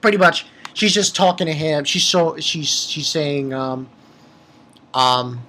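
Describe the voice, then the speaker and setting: A man casually recapping a manga chapter for his channel, rambling and excitable, with lots of fillers and restarts. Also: a little high, takes it slowly, slight background noise. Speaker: manga review channel host.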